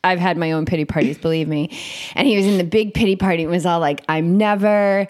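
A woman who is a guest on a podcast, telling a story in a vivid, expressive way during a casual conversation. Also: fairly low pitch, quick pace.

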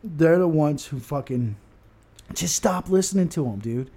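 A man's voice: a little high, expressive, unhurried, warm tone, breathy edge. A man in casual chat, talking bluntly and emphatically with plenty of swearing.

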